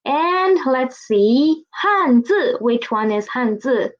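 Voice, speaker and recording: A woman's voice: sits high, lively intonation, slow, highs cut off. A woman teaching a beginner language lesson, speaking patiently and repeating words for the listener to echo.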